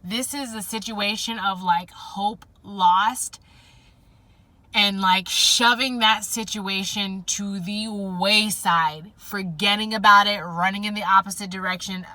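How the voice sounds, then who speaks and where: A woman's voice: medium pitch, steady tone, slow pace, sharp tone, dry recording. A woman giving a spiritual pick-a-pile tarot reading, rambling and emotional as she thinks aloud with many fillers. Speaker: tarot reader.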